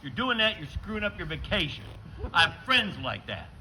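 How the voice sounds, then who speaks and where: An older man from western New York doing a stand-up comedy set outdoors, telling stories in a deadpan way and acting out the dialogue. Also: high voice, fairly quick, low-quality recording. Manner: deadpan storytelling with acted dialogue bits. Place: outdoor show with a live audience.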